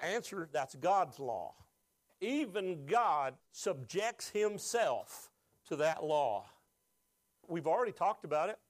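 A man's voice: a little high, sing-song, slow. A pastor preaching a sermon, asking the congregation questions and rising with emotion as he is moved.

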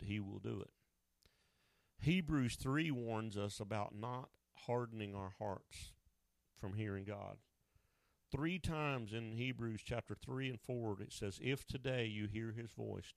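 A man preaching a sermon, swinging between loud emphatic lines and hushed asides. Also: on the low side, vocal fry, dry recording, clean studio sound.

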